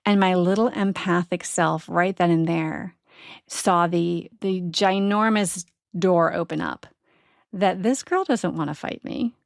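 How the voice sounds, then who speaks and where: A woman's voice: lowish voice, unhurried, gravelly, no echo, clean studio sound. A middle-aged woman hosting a podcast, telling a personal story earnestly and reflectively, often checking in with "right?". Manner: earnest, reflective, frequent "right?" asides and laughs. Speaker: podcast host.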